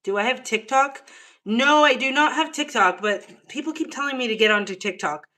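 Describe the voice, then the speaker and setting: A woman's voice: fairly high pitch, normal speed, bright, forceful tone. A young woman from Australia, chatting casually on a live stream at home and reading out viewers' comments. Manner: chatty, reads out viewer comments, talks to her cat. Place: home living room.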